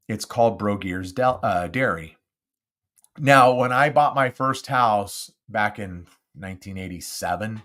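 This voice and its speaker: An older man from Southern California hosts his own live podcast, close on a studio mic. His voice sits a little low, and he chats in an animated, self-mocking way. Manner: chatty and animated, self-deprecating. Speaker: podcast host. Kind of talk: casual live podcast chat. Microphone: close studio mic with windscreen.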